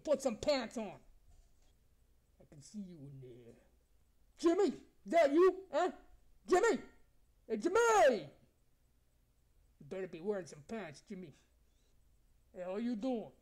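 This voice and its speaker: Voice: mid-range voice, mellow, close to an everyday voice. A performer voicing a brash, ugly, razor-toothed male monster who eats people, taunting strangers with crude mock-flirting. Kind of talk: comedy character improv on a video chat.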